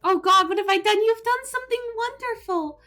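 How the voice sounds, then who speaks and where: A woman streamer putting on a sweet, high-pitched angel voice with exaggerated prim innocence. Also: brisk, sharp tone, exaggerated voice. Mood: gushing. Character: sugary saintly young female angel.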